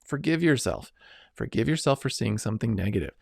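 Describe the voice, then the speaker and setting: Coaching step by step through an earnest self-help talk, a middle-aged man keeps asking "right?" and "okay?". He speaks fairly quickly in an expressive, mid-range voice that's a little mellow with vocal fry, recorded cleanly in a studio with no echo.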